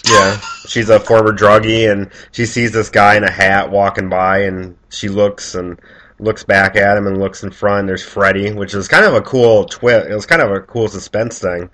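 A man casually chatting as a podcast co-host, calmly recapping a film's plot and chuckling. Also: fairly low pitch, normal speed. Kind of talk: casual chat.

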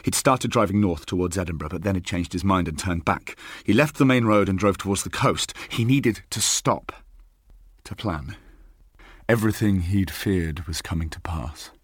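A man narrating a third-person audiobook in a measured, steady way. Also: sits low, breathy edge, dry recording, studio quality.

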